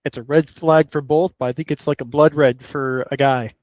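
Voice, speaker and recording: A man's voice: mid-range voice, steady tone, moderate pace, darkish tone, no room sound. A man in a casual panel chat over a video call who hesitates and repeats how he starts. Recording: dull, muffled call audio.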